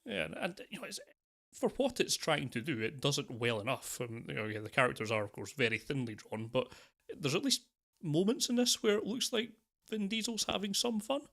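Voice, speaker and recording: A man's voice: fairly high pitch, expressive, a little fast, vocal fry, a bit bright. Laid back guy rambling about a film, a bit sardonic. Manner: easygoing, mildly sardonic, rambling. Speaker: film podcast co-host. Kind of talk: casual film discussion.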